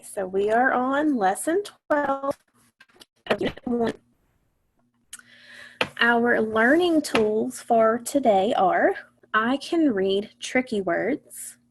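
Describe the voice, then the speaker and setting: A woman teaching an online phonics lesson, patiently asking her class questions and then answering them herself. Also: fairly high pitch.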